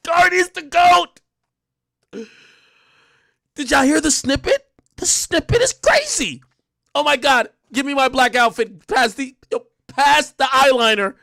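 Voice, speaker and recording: Man, high-pitched, bright tone, dry close sound, casual stream commentary, laughs a lot. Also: slow, gravelly, pauses often, no echo. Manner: animated, laughing often, mocking fans in exaggerated voices. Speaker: stream co-host. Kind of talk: casual commentary on music and rappers.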